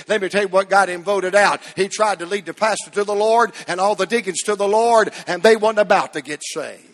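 A man with a high voice preaches a fervent revival sermon. He drives each phrase in a rhythmic cadence and bursts into exclamations. The sound rings with the long tail of a church hall. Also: brisk, hardly any pauses, fairly bright tone. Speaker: pastor. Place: church sanctuary.

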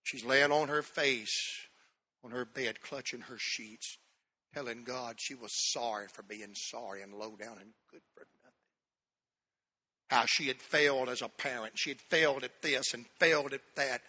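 A man's voice: mid-range voice, steady tone, normal speed, sharp tone, slightly rough. A male pastor with a North Carolina accent, telling a personal story in a sermon with folksy country speech.

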